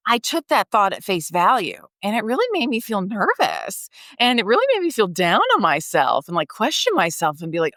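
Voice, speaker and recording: A woman's voice: on the low side, huge pitch swings, normal speed, a bit bright, dry recording, clean studio sound. A woman podcast host, guiding a reflection exercise and telling a personal story in a conversational way, often saying "like" and laughing.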